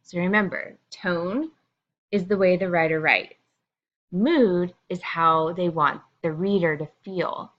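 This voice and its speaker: A woman's voice: fairly low pitch, takes it slowly, dull audio. A woman teacher explaining a lesson to her students in a casual, chatty way, with frequent fillers.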